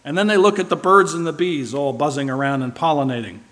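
Emphatic preacher man, slightly high voice. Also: fast. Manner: emphatic, shifting loud and soft for stress; asks the listeners rhetorical questions. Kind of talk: sermon.

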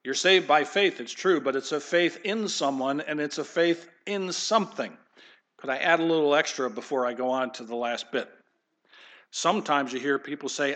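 Male pastor, slightly high voice, preaching with punchy emphasis and chatty asides. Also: normal speed, fairly bright tone. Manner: conversational asides. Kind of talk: sermon.

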